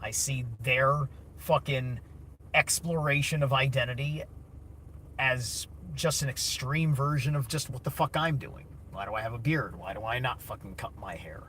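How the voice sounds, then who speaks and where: A man's voice: medium pitch, moderate pace, bright, forceful tone, slight background noise. A man streaming a blunt, casual, opinionated monologue, swearing heavily and answering chat.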